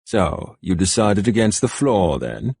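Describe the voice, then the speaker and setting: A cold, mocking warrior captor with a low, husky voice who drags each word out slowly, as a male narrator plays him. His tone is dry and close, with a quiet menace under the calm. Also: no echo, exaggerated voice. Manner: slow, deliberate, mocking.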